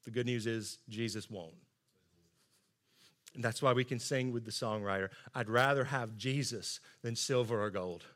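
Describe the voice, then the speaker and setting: A middle-aged man preaching a sermon, earnest and emphatic, often dropping to soft asides. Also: medium pitch, normal speed. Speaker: pastor.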